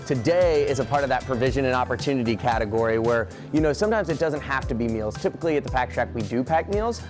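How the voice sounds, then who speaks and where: A man's voice: mid-range voice, animated, fast talker, over music. Earnest man speaking about helping neighbors. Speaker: charity organizer. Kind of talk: interview soundbite.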